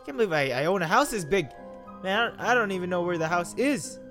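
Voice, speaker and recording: A man's voice: sits high, big pitch swings, normal speed, sharp tone, faint music behind. A young man doing jokey horror game commentary, rambling to himself and yelping when startled. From Philippines. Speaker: gaming YouTuber.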